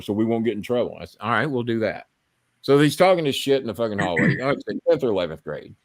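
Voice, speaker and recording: A fast-talking man with a medium-pitched voice, recorded without echo, hosts a live podcast. He casually tells long stories in a profane, rambling, animated style.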